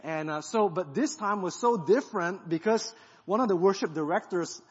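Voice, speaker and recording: A fairly high, husky male voice delivering a lively sermon testimony, acting out his own past thoughts as he tells the story. The sound is a bit dull and rings out with the long reverb of a large church hall. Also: moderate pace. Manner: animated storytelling, acts out quoted thoughts. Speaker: guest pastor.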